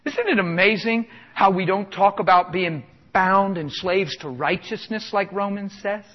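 A man's voice: sits high, measured pace. A man preaching a sermon with exuberant, emphatic delivery, chuckling between points. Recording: dull lo-fi sound with long hall reverb.

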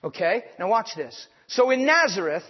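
Folksy high-voiced preacher in a hall. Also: male voice, very animated, slightly rough. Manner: folksy, fast-talking, laughs and acts out voices. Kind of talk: sermon. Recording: muffled, echoing hall.

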